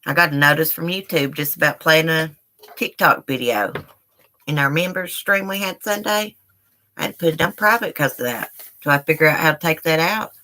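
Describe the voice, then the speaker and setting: Woman, low voice, bright edge, casual rambling live-stream chat, talks to viewers from home. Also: fairly quick, a little hiss or hum. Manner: chatty, rambling, addresses chat as y'all. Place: indoors at home.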